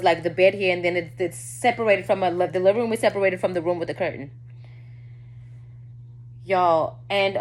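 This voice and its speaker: A woman telling a personal story to her viewers in a candid, casual way, often dropping low and quiet. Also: a little hiss or hum.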